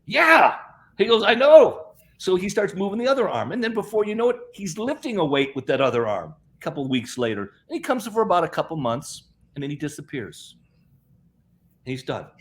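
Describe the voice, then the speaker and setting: A man's voice: a little high, big pitch swings, fairly quick. A middle-aged man, a guest on an interview, telling a long story in a rambling way, often repeating words and quoting people in his own voice. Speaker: guest, health practitioner.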